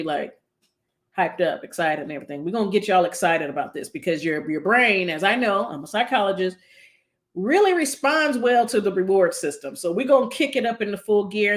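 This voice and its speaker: Chatty, lower-voiced woman psychologist. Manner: chatty and long-winded, with many fillers. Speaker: psychologist hosting a live stream. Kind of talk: casual live-stream talk.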